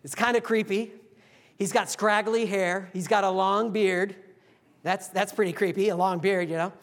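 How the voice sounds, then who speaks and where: A pastor preaching a sermon, telling the story vividly and acting out the quotes. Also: male voice, high-pitched, fairly even intonation, moderate pace, long reverb tail.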